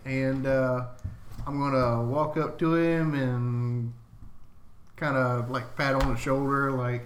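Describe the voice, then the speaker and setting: A man's voice: mid-range voice, flat delivery, slow pace, echoey room, a little hiss or hum. A man playing a tabletop game, casual and laid-back, speech full of fillers. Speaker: player.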